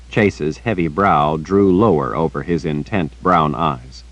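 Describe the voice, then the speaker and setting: A man narrating a fantasy audiobook in a steady storytelling manner. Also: a bass voice, moderate pace, few pauses, no room sound, rough recording. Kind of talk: scripted narration.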